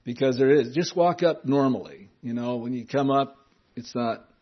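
A man's voice: mid-range voice, normal speed. A man giving informal Bible teaching in a conversational way, repeating key words and adding chuckling asides. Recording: dull lo-fi recording.

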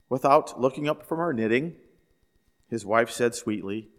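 A man's voice: medium pitch, animated, normal speed. A man pastor giving a sermon in a conversational storytelling way, asking the listeners questions. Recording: echoey hall.

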